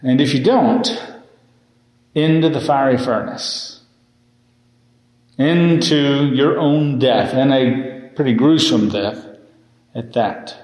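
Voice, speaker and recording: A man's voice: mid-range voice, takes it slowly, pauses often, darkish tone, heavy reverb, long reverb tail, lightly acted, poor audio. A man voicing a furious, powerful ancient king who threatens and commands within a sermon. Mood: threatening.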